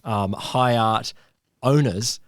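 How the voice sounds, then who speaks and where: A man's voice: mid-range voice, no echo, studio quality. A man co-hosting a podcast, joking along in a playful, casual way. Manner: playful, quick to joke and laugh along. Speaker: podcast co-host. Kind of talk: casual chat.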